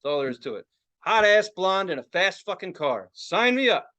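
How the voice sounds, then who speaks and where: A man co-hosting a podcast, telling a story in casual, excitable, profane chat. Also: sits high, moderate pace. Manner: profane, excitable, acts out other people's reactions. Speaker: podcast co-host.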